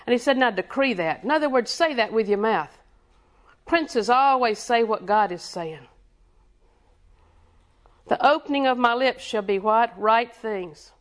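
A woman's voice: a little high, animated, measured pace. A woman preaching a sermon with rhythmic repetition, quizzing her congregation and chuckling between points.

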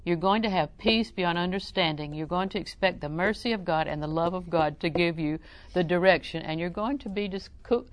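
A middle-aged woman preaching a sermon in a folksy, humorous way, often chuckling and breaking into loud acted exclamations. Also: on the low side, a little fast, few pauses, no room sound.

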